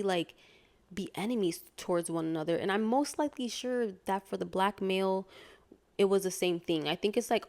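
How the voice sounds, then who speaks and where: A woman from Connecticut talking earnestly in a casual personal vlog, rambling with lots of fillers and restarts. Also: medium pitch. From Hartford, Connecticut, USA. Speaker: vlogger.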